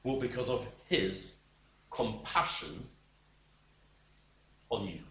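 A man preaching a sermon slowly and emphatically, dropping at times to a quiet voice. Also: medium pitch. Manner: slow, emphatic preaching with sudden drops to a quiet voice. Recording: echoey room.

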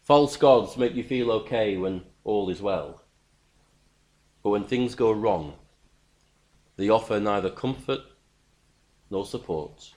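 A man's voice: lowish voice, animated, slow pace, pauses often, darkish tone. A man preaching a sermon, earnest and emphatic, repeating words as he builds his points.

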